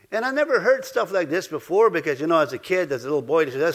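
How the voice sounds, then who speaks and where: Guy preaching a sermon, kinda high voice, gets loud then goes soft, lots of restarts. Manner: animated, swings between loud exclamations and soft asides; halting, repeats words and restarts.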